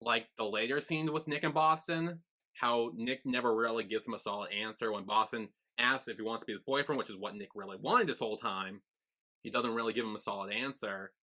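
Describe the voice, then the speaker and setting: Bright-voiced man recapping a TV show. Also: mid-range voice, fairly quick. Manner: retells scenes, acting out characters' lines. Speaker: podcast co-host. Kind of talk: casual TV recap chat.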